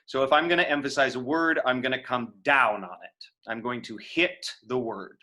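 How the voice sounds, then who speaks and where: A man's voice: medium pitch, normal speed, sharp tone. An American man lecturing on acting over a video call, talking casually with frequent fillers and restarts. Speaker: acting teacher. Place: home room on a video call. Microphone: video call microphone.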